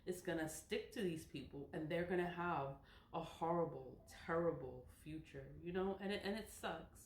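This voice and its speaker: A woman's voice: fairly low pitch, normal speed, a little hiss or hum. A woman in her forties talking casually and emphatically to camera, often breaking into laughter. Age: 40s. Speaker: spiritual vlogger. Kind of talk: casual monologue. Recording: echoey room.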